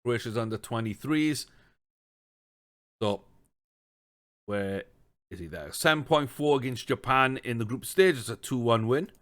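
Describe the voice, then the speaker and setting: A man's voice: medium pitch, a little slow, long pauses, a bit bright. A man giving casual let's-play commentary on a football management game, chatty and thinking aloud, with bursts of exasperated ranting. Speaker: gaming streamer.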